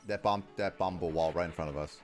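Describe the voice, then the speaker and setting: A man's voice: sits low, fairly even intonation, a little fast, faint music behind. A man chatting and teasing his friends playfully while they play a game together, often stumbling over his words. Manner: teasing, playful, stammering restarts. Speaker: streamer playing a game with friends. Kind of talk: casual gaming banter.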